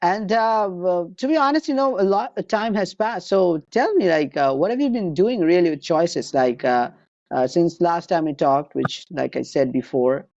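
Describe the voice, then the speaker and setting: A man's voice: high-pitched, animated, normal speed, a little mellow, no room sound. Podcast host, easygoing man, dull dry call audio. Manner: agreeable, many "yeah" and "you know" fillers, hesitant. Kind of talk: casual chat. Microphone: remote call mic.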